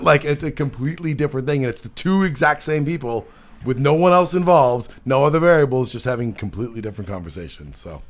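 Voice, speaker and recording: A married man hosting a casual podcast, talking loosely with plenty of "like" and playing clips to react to. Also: medium pitch. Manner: chatty, many fillers, plays clips to react to. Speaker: podcast host. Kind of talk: casual chat.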